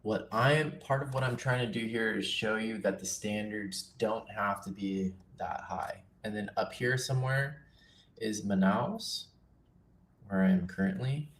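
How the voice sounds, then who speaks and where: A man casually teaching nature journaling on a livestream, relaxed and chatty with self-deprecating asides. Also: on the low side, moderate pace, hardly any pauses, a little hiss or hum.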